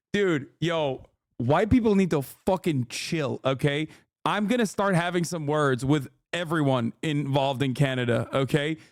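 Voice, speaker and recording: A man's voice: fairly high pitch, no echo, clean studio sound. A man streaming live, reacting in casual chat, incredulous and profane as he reads out chat messages.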